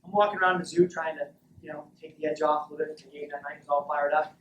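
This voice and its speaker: A man coaching a team in a locker room, telling a story with high energy and shouting call-and-response lines. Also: steady tone, quick pace, highs cut off. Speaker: mental conditioning coach. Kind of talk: motivational speech to a team. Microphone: far camera. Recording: echoey locker room from far off, faint noise.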